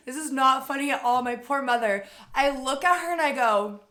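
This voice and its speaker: A young woman telling a personal story to camera in a casual, animated way, with lots of "like" fillers. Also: high voice, normal speed. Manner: animated retelling with frequent "like" fillers.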